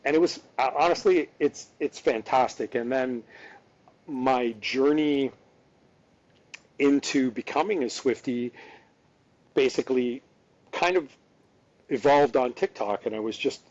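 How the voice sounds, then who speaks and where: Man, fifties, podcast guest, excitable storyteller, frequent restarts, slightly muffled audio. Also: mid-range voice, measured pace, pauses often. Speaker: podcast guest, dance dad. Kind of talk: casual storytelling chat.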